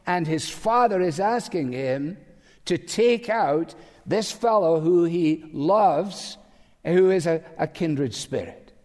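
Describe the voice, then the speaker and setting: A man's voice: a little high, expressive, takes it slowly, a little mellow. A man preaching a sermon as pastor, emphatic and full of rhetorical questions. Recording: long hall reverb.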